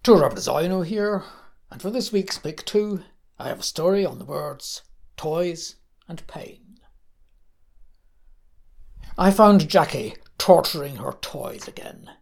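A man reading a short dark story in an earnest, dramatic way. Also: on the high side, animated, takes it slowly, gravelly, long pauses.

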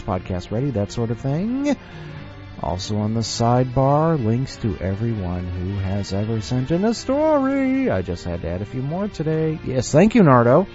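A man's voice: medium pitch, mellow. A man hosting a story podcast, reading stories aloud and rambling jokingly between them. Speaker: podcast host. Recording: dull lo-fi recording with faint music.

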